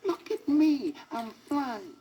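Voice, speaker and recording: A man's voice: mid-range voice, sing-song, slow pace, dark tone. A man voicing a silly, self-pitying young male elephant who whines and bawls, on a crackly 1960s vinyl record. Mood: excited. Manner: whiny and tearful, bawling.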